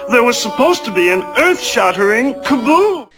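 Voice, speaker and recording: A man's voice: extremely high pitch, very animated, normal speed. A man voicing a small, grumpy male Martian in a classic cartoon, with a fussy, petulant delivery. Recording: cartoon clip with music behind.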